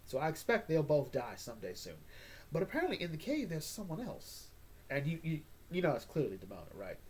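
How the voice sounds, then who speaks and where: A man with a fairly high voice runs through a comic recap in a loose, rambling way. His pitch swings widely as he tosses off sarcastic jokes. He talks like a casual host chatting to his listeners. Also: huge pitch swings, brisk, a little hiss or hum. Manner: joking, rambling, sarcastic asides. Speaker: comic book podcast host.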